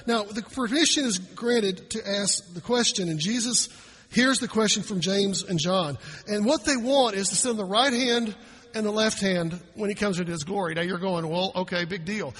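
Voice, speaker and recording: A man's voice: sits high, normal speed, fairly bright tone, breathy edge, in a large hall. A male pastor preaching a sermon in a church, talking conversationally and acting out the people he quotes.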